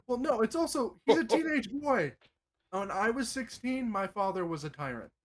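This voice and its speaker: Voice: medium pitch, animated, moderate pace. Wry, teasing player at a tabletop game. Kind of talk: casual tabletop chat.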